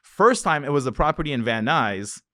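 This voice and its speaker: A man's voice: medium pitch, lively intonation, moderate pace, pushed and bright, dry recording. Profane storytelling man, dry close mic. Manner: profane, acts out voices in his anecdotes. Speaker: real estate investor guest. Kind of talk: animated storytelling.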